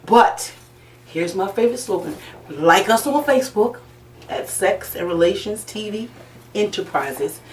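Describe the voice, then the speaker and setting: A woman hosting a casual panel talk show, loud, brash and profane, laughing often. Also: mid-range voice, expressive, unhurried, a little hiss or hum. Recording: echoey room, mic far off.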